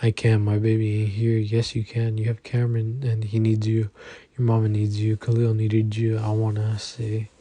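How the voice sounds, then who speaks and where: A man's voice: lowish voice, monotone, normal speed, mellow, lightly acted. A man voicing a firm, caring mother.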